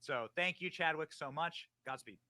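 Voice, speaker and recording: Male stream host, very bright and slightly high, hyped and preachy. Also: moderate pace. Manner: hyped, preachy, swings from loud to hushed. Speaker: show host. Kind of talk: casual livestream talk.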